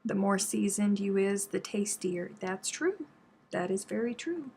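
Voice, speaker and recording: Gravelly chatty woman. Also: medium pitch, expressive, a little slow, dark tone. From Texas. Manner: chatty, reads out and answers viewer comments. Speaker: crochet live stream host. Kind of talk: casual live-stream chat while crafting.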